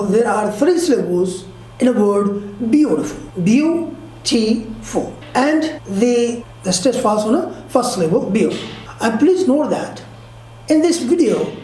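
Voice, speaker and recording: A woman teaching pronunciation in a slow, repeating lesson, speaking. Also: medium pitch, dark tone, roomy sound, a little hiss or hum, poor audio. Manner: explains slowly, repeating and quizzing the listener. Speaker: English teacher. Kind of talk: online grammar lesson.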